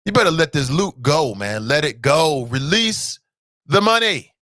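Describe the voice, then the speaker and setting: A man hosting a talk show, with a Cincinnati accent. He rants in a bright, forceful voice that swings widely in pitch, firing the same rhetorical question again and again. The sound is dry and close. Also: moderate pace, no echo. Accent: Cincinnati, Ohio. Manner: animated, repeats rhetorical questions, jumps to high exclamations. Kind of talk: fired-up solo commentary.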